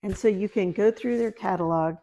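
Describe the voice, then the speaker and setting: Middle-aged southern lady vlogging about her farm, kinda gravelly voice, chatty and laughs at herself. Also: mid-range voice, a little fast, warm tone. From American Deep South. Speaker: homesteading vlogger. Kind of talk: casual chat to camera.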